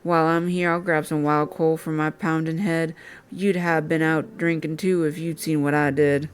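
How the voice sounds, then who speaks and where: A woman's voice: low-pitched, little pitch movement, moderate pace, clean tone, close to an everyday voice. A woman voicing a shaken, rugged man who writes a letter, in a put-on country accent. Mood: uneasy.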